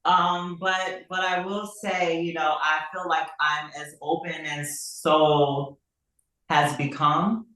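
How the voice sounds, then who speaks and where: A woman's voice: low-pitched, little pitch movement, slow, bright, forceful tone. A woman actress answering interview questions in an earnest, reflective way. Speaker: actress guest. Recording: echoey room, far from the mic.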